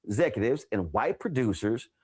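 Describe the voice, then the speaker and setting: A man from the United States hosting a talk show interview, animated and acting out past conversations as he tells them. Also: mid-range voice, moderate pace, husky. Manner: animated storyteller, acts out remembered exchanges.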